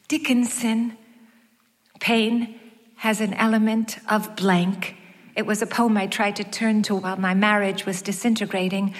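A woman narrating her own story as an audiobook, wry and measured with light self-mockery. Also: medium pitch. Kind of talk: first-person audiobook narration. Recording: long hall reverb.

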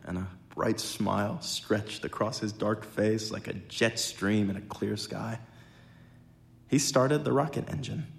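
A man giving an expressive, measured reading of a short story. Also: fairly low pitch, vocal fry. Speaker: story reader. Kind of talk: literary reading.

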